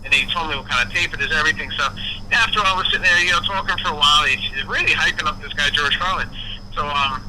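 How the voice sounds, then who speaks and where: A man's voice: a little high, fast, slight background noise, poor audio. A man, a guest musician, telling a casual story and acting out the quoted dialogue. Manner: animated, acts out quoted dialogue.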